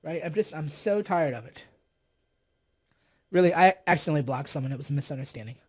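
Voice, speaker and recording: A man's voice: fairly high pitch, animated, fairly quick, darkish tone. A man hosting a livestream, ranting with sarcasm and exasperation as he mocks his opponents. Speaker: political commentator hosting a livestream.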